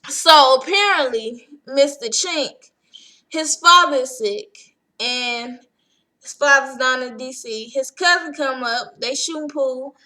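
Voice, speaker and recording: A young woman breaks down a reality show episode in a loose, sassy vlog style. Her voice sits high and bright. She slips into quick impressions of what everyone said. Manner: chatty, sassy, acts out quotes. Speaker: TV recap vlogger. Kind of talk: casual show recap.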